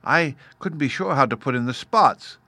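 A bright, piping little cave girl bubbles over with eager excitement, put on by a man reading aloud. Her voice sits well above his own and sounds crisp and close, with no room around it. She chatters like a child who can barely wait. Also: medium pitch, moderate pace, no room sound, voice pushed up. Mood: fretful. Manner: eager, breathless, rising with excitement.

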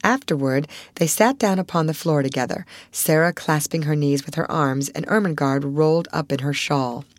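A woman narrating a classic novel aloud with an expressive storytelling cadence. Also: low-pitched, normal speed, hardly any pauses, dry recording, studio quality. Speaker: audiobook narrator.

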